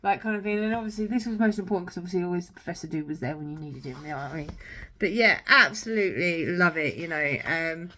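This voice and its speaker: Speaking fast in a fairly low, pushed, bright voice, a young woman vlogger shows off old children's books. Her casual show-and-tell is chatty and gushing, full of filler words.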